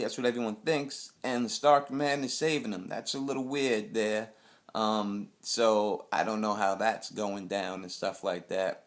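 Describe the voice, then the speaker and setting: A young man from Queens, giving a casual, rambling TV episode recap full of blunt street slang. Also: fairly low pitch. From Queens, New York. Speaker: TV recap host.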